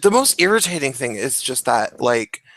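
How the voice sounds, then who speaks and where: A young man from the Seattle area chatting as a guest on a casual stream, talking in halting bursts full of restarts. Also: mid-range voice, sing-song, fairly bright tone. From Seattle area, USA. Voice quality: gravelly. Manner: halting, lots of restarts and fillers. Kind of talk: casual chat.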